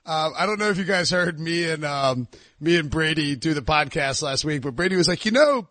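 A man's voice: on the high side, a little fast, sharp tone, dry recording. A man hosting a sports radio show, joking sarcastically at his own expense and asking questions. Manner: sarcastic and self-mocking. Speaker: radio host. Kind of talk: casual sports talk.

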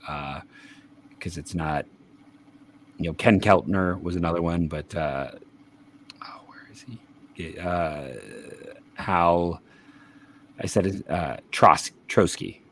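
A man's voice: low voice, a bit bright, a little hiss or hum. A man hosting a casual sports podcast, reading statistics aloud with frequent fillers and restarts. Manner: reads stats aloud, hesitant with fillers and restarts. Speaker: podcast host.

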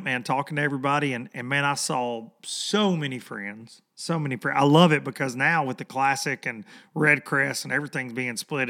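A man hosting a fishing podcast in casual chat, hoarse from losing his voice, rambling and repeating words for emphasis. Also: mid-range voice, fairly bright tone.

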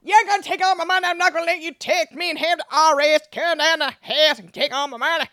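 A woman voicing an outraged Southern conservative taxpayer caricature with a Southern accent, yelling indignantly. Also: very high voice, steady tone, fast talker, no echo, clean studio sound, voice pushed up, heavily acted.

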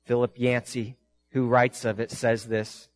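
A pastor preaching a sermon in a church, reading scripture in a deliberate, earnest way and rising with emphasis. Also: male voice, mid-range voice, flat delivery.

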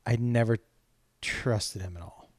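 A man's voice: mid-range voice, unhurried, a little mellow, no echo, clean studio sound. A man hosting a casual chat, blunt and teasing, who laughs as he tells stories.

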